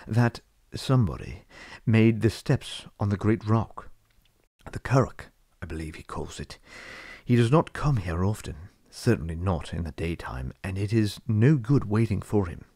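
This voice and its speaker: A man voicing an old male wizard, measured and testy, lecturing his companions. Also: on the low side, animated, warm tone, husky, dry recording, clean studio sound, heavily acted. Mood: grave.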